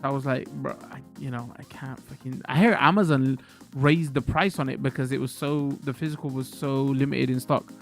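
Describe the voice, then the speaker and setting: A man's voice: mid-range voice, steady tone, moderate pace, creaky, soft background music. A man streaming games, chatting and ranting loosely to his viewers with frank swearing. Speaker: game streamer. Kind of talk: casual live-stream chat.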